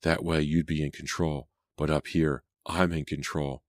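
A man's voice: rumbling low, flat delivery, moderate pace, no room sound. A man voicing a cruel teenage girl villain who sneers and snarls. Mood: snarling. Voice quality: nasty, sneering.

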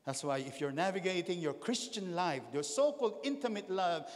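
Animated pastor preaching in a hall. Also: male voice, high-pitched, moderate pace. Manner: animated, calls out to the congregation with questions. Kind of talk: sermon. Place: church hall. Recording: long hall reverb.

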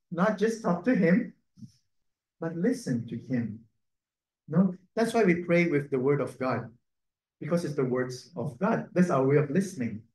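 Filipino english priest giving a chatty sermon, slightly high voice, lots of "no?", echoey room. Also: male voice, a little mellow. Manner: conversational, laughing asides, tag questions.

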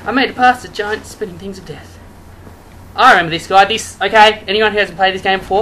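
A let's play gamer giving live commentary, yelping and shouting at the game, with sarcastic jokes to viewers. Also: medium pitch, fairly quick, a little hiss or hum, low-quality recording. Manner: excitable, yelps and shouts at the game; sarcastic, joking asides to viewers.

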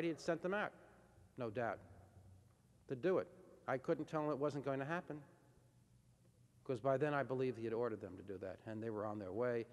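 A man's voice: medium pitch, darkish tone. A man giving a university lecture, telling events as a dramatic storyteller who acts out quoted dialogue. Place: lecture hall. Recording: reverberant lecture hall, old tape.

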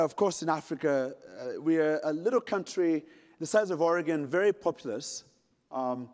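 A middle-aged man from Uganda giving a conference keynote, telling a dramatic story with jokes and speaking straight to the audience. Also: fairly high pitch. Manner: dramatic, humorous, addresses the audience directly. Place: large conference hall. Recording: long hall reverb.

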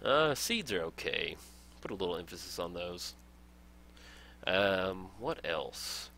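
An upbeat young man walks viewers through a strategy game in a casual tutorial voice. His lowish voice has a bright edge, and his pitch swings widely as he gets excited. He laughs easily and cheers at small finds. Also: slow pace, vocal fry, slight background noise. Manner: upbeat, enthusiastic, laughs often. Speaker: gaming let's play host.

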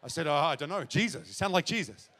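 A man preaching his testimony to a congregation, acting out conversations and building to shouted exclamations. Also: on the high side, expressive, fast. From Australia. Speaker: pastor. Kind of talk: testimony sermon to a live congregation. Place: large church hall at a revival event. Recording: live hall reverb.

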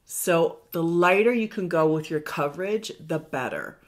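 A woman's voice: fairly low pitch, measured pace. A middle-aged woman hosting a makeup tutorial, chatting in a rambling, self-deprecating way as she works. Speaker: beauty vlogger.

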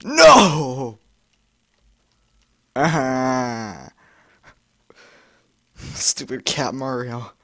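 A young man commenting on a frustrating video game he is playing, exasperated, swearing and yelling at it. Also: medium pitch, expressive, slow pace, pauses often, no echo, clean studio sound. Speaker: gamer. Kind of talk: frustrated let's-play commentary.

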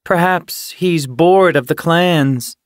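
A man voicing a suspicious, sharp-tongued female rogue cat in an audiobook, speaking with withering scorn. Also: fairly high pitch, slow pace, no room sound, voice pushed up. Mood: scornful.

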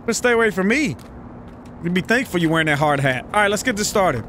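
A man's voice: high voice, animated, fast talker, pushed and bright, a little hiss or hum. A young adult American man giving profane, joking commentary as he plays a video game and reads game text aloud. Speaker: gaming YouTuber.

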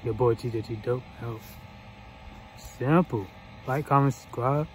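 A man's voice: mid-range voice, measured pace, a little mellow, slight background noise, poor audio. A man hosting a casual reaction vlog, laid-back and slangy, laughing often. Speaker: reaction channel host.

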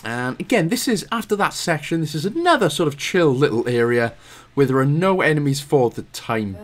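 A man's voice: fairly high pitch, lively intonation, brisk. Chatty Welsh man narrating a game. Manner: chatty, self-deprecating, apologetic asides. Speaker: video game walkthrough host. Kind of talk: casual gameplay commentary.

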